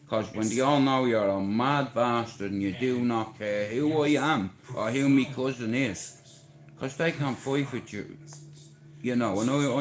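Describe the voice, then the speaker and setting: An Irish man holds forth on a livestream in a combative, taunting rant. He boasts loudly, swears freely and dares his rival to do something about it. His voice sits at an ordinary middle pitch for a man. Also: rough recording. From Ireland. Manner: challenges his target directly.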